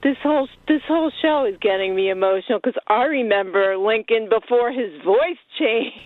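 A middle-aged woman calling in to a radio show, warm and emotional, laughing often. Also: a little high, moderate pace, dry recording. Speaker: caller. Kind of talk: phone call-in chat. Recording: tinny phone line, dry.

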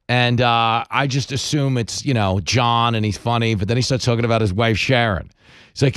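A man hosting a radio talk show, chatting casually and telling stories with self-mocking jokes and quick asides. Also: medium pitch, fairly bright tone, smooth, dry recording, clean studio sound. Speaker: radio host. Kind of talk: casual chat and storytelling.

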